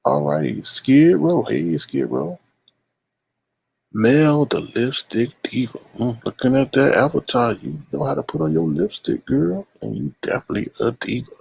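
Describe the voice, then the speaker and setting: A man with a gravelly, husky voice hosts a live online show in an easygoing, chatty way. He rolls through viewer names with drawn-out greetings. His pitch sits in the middle range. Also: lively intonation, a little mellow. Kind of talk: casual chat greeting viewers.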